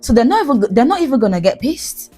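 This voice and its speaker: A woman with a Nigerian accent, hosting a podcast and telling animated, laughing stories in a casual monologue. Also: sits high, quick pace, breathy edge, soft background music. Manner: animated, laughing, slips into pidgin. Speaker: podcast host.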